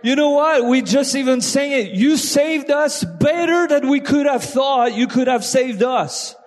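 A man with a French accent preaching a sermon in a church, emphatic, often restarting his phrases and breaking into shouts of praise. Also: extremely high pitch, unhurried. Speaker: guest preacher. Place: church sanctuary. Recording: long hall reverb.

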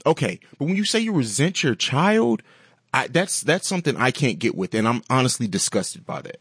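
A man's voice: mid-range voice, sing-song, normal speed, a bit bright, husky, dry recording, clean studio sound. A man co-hosting a podcast, speaking earnestly and with emphasis. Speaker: podcast co-host. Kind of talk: casual podcast talk.

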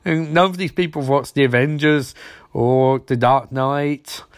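A man's voice: medium pitch, dry recording, studio quality. Sarcastic man recapping a show. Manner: sarcastic, exasperated, fast and rambling. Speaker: TV episode recapper. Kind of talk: sarcastic comedic episode recap.

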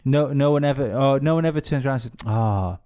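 A man co-hosting a podcast, rambling through stories in casual chat. His voice is mellow and dark, mid-pitched, and he swears freely while restarting his sentences. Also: fast talker. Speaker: podcast co-host.

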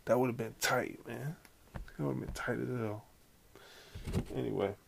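A man hosting a comedy podcast in loose, rambling chat, full of slang and running jokes. His voice sits at an ordinary middle pitch with a gravelly, creaky texture. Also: moderate pace, slight background noise. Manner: rambling, slangy, jokey storytelling. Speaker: podcast host.

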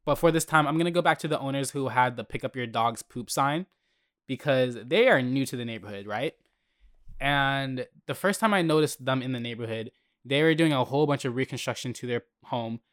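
A young man hosts a podcast and rants through his neighborhood stories. He sounds heated and animated and swears freely, at an ordinary pitch for a man. The voice comes across close and dry, with no room sound. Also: a little fast, dry recording. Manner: heated, profane, animated storytelling. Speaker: podcast host. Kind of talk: casual storytelling rant.

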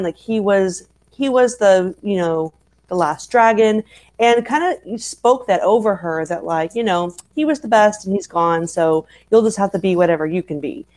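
A woman's voice: mid-range voice, rough recording. A woman co-hosting a book-club podcast, casually talking through her reading of a scene with frequent "like"s and "kind of"s. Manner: thoughtful, rambling analysis with many "like"s and "kind of"s.

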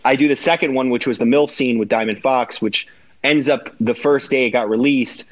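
Guy on a podcast telling wild stories, swears a lot, mid-pitched voice. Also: normal speed. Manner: animated, profane, laughs through his stories. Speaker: guest. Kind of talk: casual storytelling.

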